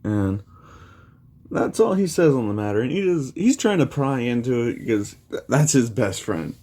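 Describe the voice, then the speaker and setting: A man's voice: mid-range voice, expressive, moderate pace, mellow. A man casually retelling a fan story, rambling with many fillers.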